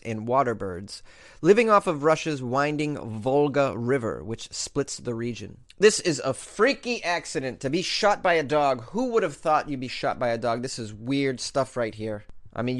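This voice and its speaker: A man's voice: medium pitch, fairly bright tone. A man hosting a casual comedic news show, reading odd stories aloud and riffing on them with mock outrage. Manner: jokey, reads stories then riffs with mock outrage. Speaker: podcast news host.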